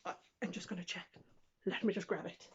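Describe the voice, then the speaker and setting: A woman's voice: lowish voice, steady tone, a little fast, slight background noise. A British woman vlogging a try-on haul at home, chatty and exclaiming, poking fun at herself. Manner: chatty, exclaiming, self-deprecating. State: out of breath. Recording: dull lo-fi camera audio.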